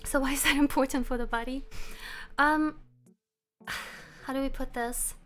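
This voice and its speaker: A woman streamer chatting casually with her viewers. She is relaxed and laughs often. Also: high-pitched, normal speed, soft background music. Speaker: live streamer. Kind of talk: casual live-stream chat. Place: room at home.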